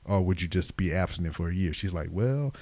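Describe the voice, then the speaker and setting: A man hosting a podcast, telling stories in casual chat with lots of swearing and animated retelling. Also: deep voice, a little fast, no echo. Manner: profane, animated storytelling. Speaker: podcast host.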